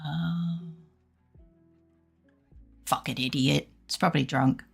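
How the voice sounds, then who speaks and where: A woman's voice: low-pitched, steady tone, slow pace, gravelly, breathy edge, soft background music. A woman chatting casually with her viewers on a live stream, swearing freely and laughing often.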